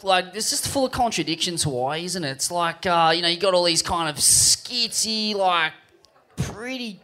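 A man's voice: sits high, lively intonation, normal speed, pushed and bright. A man co-hosting a podcast, cracking profane jokes in casual banter. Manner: wisecracking, profane.

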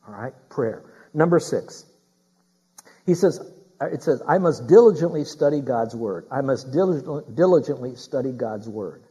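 In his role as pastor, a man preaches to the congregation directly, posing questions before building into forceful, loud preaching. His voice is husky and medium in pitch.

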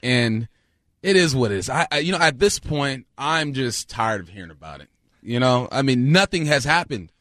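A man's voice: medium pitch, lively intonation, moderate pace, fairly bright tone, no echo, clean studio sound. A male co-host giving blunt takes in casual sports talk, leaning on stock phrases. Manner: blunt, repeats himself.

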